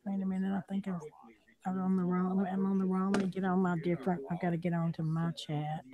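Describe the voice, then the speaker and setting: A woman with a Southern accent hosts a casual livestream chat from home, drawling loosely and laughing often. Her voice is lowish and level, fairly quick, with crowd noise behind her.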